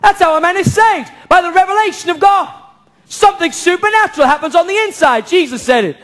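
A man with a strikingly high voice preaches a sermon to a congregation in church. He is impassioned, fires off rhetorical questions and now and then rises to a shout. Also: brisk. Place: church service before a congregation.

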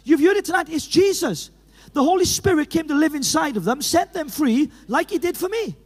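A middle-aged man with a Welsh accent from Llanelli, preaching an animated evangelistic sermon in a church hall, full of stories and urgent calls. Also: extremely high pitch, brisk. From Wales. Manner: animated, storytelling with laughs, rising to urgent calls. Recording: reverberant hall.

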